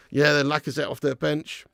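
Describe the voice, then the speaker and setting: A man's voice: fairly high pitch, creaky, fairly bright tone, no room sound, studio quality. A man hosting a live football watch-along, chatting and bantering with viewers. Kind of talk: live casual match commentary and chat.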